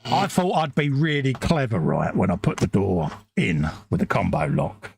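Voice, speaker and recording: A man's voice: medium pitch, huge pitch swings, moderate pace, vocal fry, a little hiss or hum. A man from the UK co-hosting a casual live stream, joking and mocking himself. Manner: jokey, self-mocking, acts out quoted voices. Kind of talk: casual chat.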